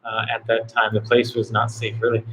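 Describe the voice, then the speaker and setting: A man's voice: on the low side, completely flat delivery, brisk, a bit bright, slight background noise, rough recording. A man hosting a casual live travel Q&A, rambling and filling his talk with "like". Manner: rambling, heavy on "like" fillers. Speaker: travel vlogger host.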